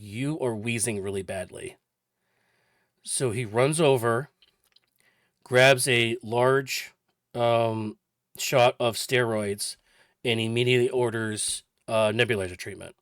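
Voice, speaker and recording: A man's voice: medium pitch, fairly bright tone, no echo, clean studio sound. Man in his forties telling a story. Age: 40s. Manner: chatty, rambling recounting with detail. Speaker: vlogger. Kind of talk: casual personal storytelling.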